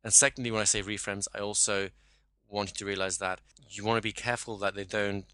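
Male trainer, bright forceful voice, dry close sound, explanatory delivery. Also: fairly low pitch, flat delivery, quick pace, dry recording. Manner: explanatory, acts out sample dialogue. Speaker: hypnosis trainer. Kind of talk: teaching a class.

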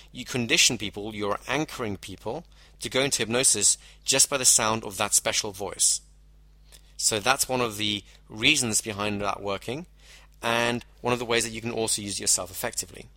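A man gives a measured lecture on hypnosis, explaining techniques step by step and slowing down to stress key phrases. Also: fairly low pitch, sharp tone, no echo. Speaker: hypnosis instructor. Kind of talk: teaching lecture.

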